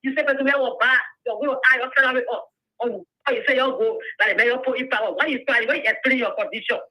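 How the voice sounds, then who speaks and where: A woman's voice: high voice, fast talker. A woman caller, scolding and repeating herself on a call-in radio show over a phone line. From Liberia. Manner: scolding, repetitive, rising to shouts.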